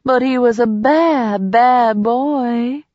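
A woman's voice: medium pitch, measured pace, no room sound, natural voice. A woman voicing a playful young woman who teases and coos, in a slightly muffled recording. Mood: cooing. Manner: teasing, cooing. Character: playful teasing young woman, lively aunt.

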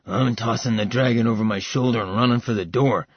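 Guy doing a cocky joker, teasing, husky. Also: medium pitch, a little fast, no echo, muffled recording, natural voice. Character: cocky grinning man, joking and reckless.

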